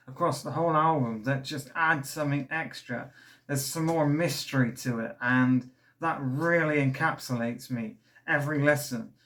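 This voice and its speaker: A young man reviews an album in a casual vlog, his voice pitched on the high side and a bit bright. He's eager and slightly breathless, rambling enthusiastically with plenty of fillers and restarts.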